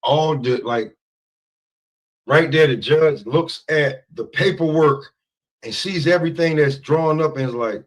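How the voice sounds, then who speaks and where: A man's voice: fairly high pitch, lively intonation, moderate pace. A man chatting casually as a co-host, laid-back and profane in his banter. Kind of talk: casual chat.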